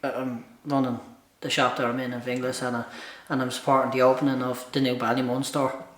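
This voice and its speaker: A man's voice: mid-range voice, level tone, fairly quick, fairly bright tone. A man with a Dublin accent, a shop manager telling stories in a casual podcast chat, joking and laughing often. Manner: jokey storyteller, laughs often. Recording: echoey room.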